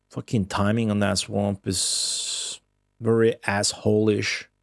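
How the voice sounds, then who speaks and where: Lowish and edged with vocal fry, a man's voice carries live gameplay commentary and banter with viewers. He speaks English, not his native Italian, with a slight Midwestern accent touched by Australian, swearing and drifting offhandedly from topic to topic. It's a studio-quality recording without echo.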